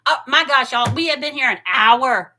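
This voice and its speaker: A woman's voice: sits high, quick pace, pushed and bright. A woman hosting a casual craft livestream, chatty and gushing, laughing often and close to tears. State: near tears. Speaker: craft channel host.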